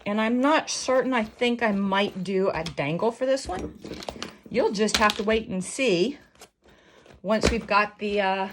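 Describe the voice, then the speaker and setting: A woman's voice: mid-range voice, a little slow, noisy background. A woman hosting a casual sewing tutorial, rambling and joking at her own expense as she works. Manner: rambling, self-mocking, jokey asides. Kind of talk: casual chatty craft tutorial.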